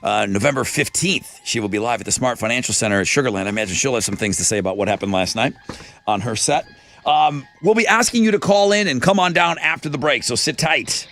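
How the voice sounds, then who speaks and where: A man's voice: medium pitch, lively intonation, quick pace, fairly bright tone. A man hosting a morning radio show, joking with co-hosts in a studio and doing live ad reads.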